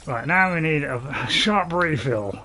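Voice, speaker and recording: A man hosting a gaming channel, giving live commentary as he plays and talking to himself, swinging between panic and calm. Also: fairly high pitch, unhurried, a crowd in the background.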